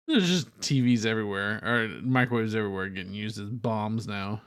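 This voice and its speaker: A man's voice: fairly low pitch, normal speed, a bit bright, smooth. A man co-hosting a podcast in casual chat, easygoing and swearing casually. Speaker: podcast co-host.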